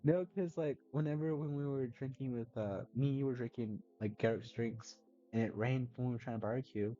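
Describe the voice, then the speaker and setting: A man's voice: mid-range voice, brisk, dark tone. A drunk young man co-hosting a podcast, rambling and losing his train of thought. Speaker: podcast co-host. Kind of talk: casual chat. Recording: dull lo-fi mic.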